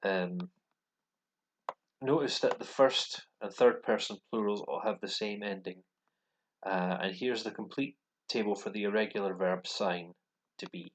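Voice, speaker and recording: A man's voice: lowish voice, normal speed, pauses often, low-quality recording. A Scottish man talking through a language course in a casual, hesitant way, full of ums and restarts. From Scotland. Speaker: language learner vlogger. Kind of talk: casual explanatory walkthrough. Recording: voice with computer speakers playing.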